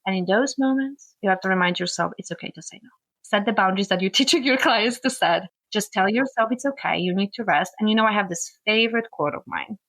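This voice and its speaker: Middle-aged woman from Poland, guest therapist, chatty and animated, dry close sound. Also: medium pitch, brisk, hardly any pauses, dry recording, low-quality recording. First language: Polish. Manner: animated storytelling, acts out family quotes. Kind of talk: casual interview chat.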